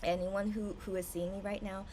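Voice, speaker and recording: A tipsy young woman chatting casually on a livestream from home, excitable and swinging from hushed asides to loud outbursts. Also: mid-range voice, normal speed, slight background noise.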